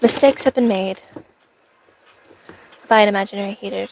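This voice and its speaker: A woman streams from home in cosplay, staying in character while she rambles and trades sarcastic banter with viewers. Her voice is mid-range and creaky, her pace moderate, and background noise can be heard.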